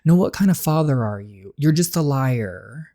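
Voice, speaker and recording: Resentful teen girl in a story game, bitter and defiant, dark warm tone, read by a player. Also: medium pitch, lively intonation, moderate pace, close to an everyday voice. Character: angry teenage girl, resentful of her father. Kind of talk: reading a story game aloud.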